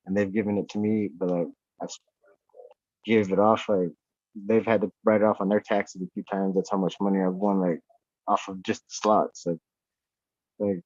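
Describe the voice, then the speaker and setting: A man's voice: lowish voice, normal speed, long pauses, dry recording, lo-fi sound. A man chatting as a podcast guest from an off-grid homestead, rambling and swearing freely. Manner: rambling, profane, excitable. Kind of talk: casual chat.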